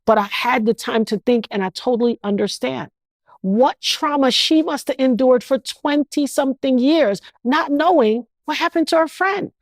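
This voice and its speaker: A woman's voice: high voice, moderate pace, no echo. A woman in her fifties, an interview guest speaking with an emphatic, repetitive, preacher-like cadence. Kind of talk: emotional interview.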